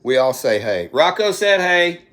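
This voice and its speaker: A middle-aged man with an Alabama accent hosts a casual live stream from his phone at home, rambling folksily and addressing viewers by name. His voice is a little high and sing-song, fairly bright, at normal speed.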